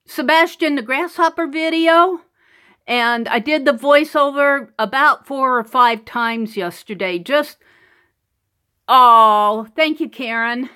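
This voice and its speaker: A woman's voice: high voice, takes it slowly, pushed and bright, clear, resonant tone. A woman hosting a live art stream, chatting casually while she paints, laughing often and greeting viewers by name. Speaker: art livestream host. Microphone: computer mic over wireless connection.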